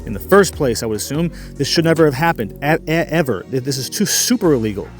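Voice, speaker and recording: A man's voice: medium pitch, expressive, quick pace, soft background music. A man hosting a comedic commentary channel, ranting crudely with stammers and sarcastic jokes. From Middle East.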